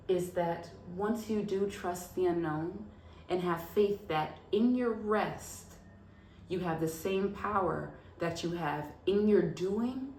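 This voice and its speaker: A woman hosting a casual self-help vlog, talking straight to her viewers with lively, affirming energy and frequent laughter. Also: medium pitch, slight background noise. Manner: animated, laughs often, affirming. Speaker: vlog host. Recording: roomy echo.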